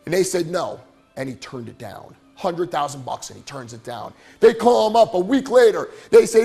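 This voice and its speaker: Middle-aged male motivational speaker, animated storyteller, fairly high voice, breathy and rough. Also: moderate pace, soft background music. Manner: animated, keeps checking in with "right?". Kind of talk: storytelling presentation to a live audience. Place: venue with a live audience.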